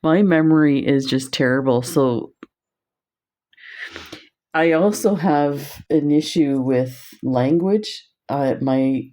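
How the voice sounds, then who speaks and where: Older woman, French first language, rambling friendly craft teacher; slow, unhurried delivery. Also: sits low, warm tone. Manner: chatty, digressive, laughs often. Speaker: craft instructor. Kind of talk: casual crafting tutorial chat.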